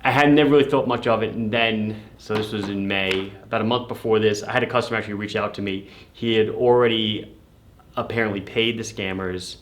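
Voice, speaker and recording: Chatty, amused man with a lowish voice. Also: steady tone, a little fast, slight background noise. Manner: chatty, amused, laughs while telling the story. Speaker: watch shop owner and channel host. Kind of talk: casual storytelling to camera.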